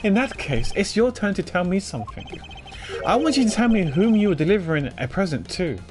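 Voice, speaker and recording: A man's voice: sits high, very animated, fairly quick, pitched above the performer's own voice. A man reading a stiff, formal prosecutor. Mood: stern. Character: stern, formal young male prosecutor.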